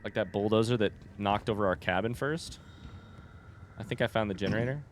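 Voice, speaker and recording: Playing through a game, this young man keeps up chatty, joking commentary and lets out a yelp when startled. He speaks a little fast in a lowish voice, and there's slight noise behind him.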